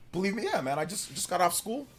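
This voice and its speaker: A man's voice: high-pitched, slightly rough. A man in his forties from Central California, chatting casually on a live stream in a rambling, filler-heavy way. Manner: loud, laughing retelling of stories. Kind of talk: casual live-stream chat, reading donations.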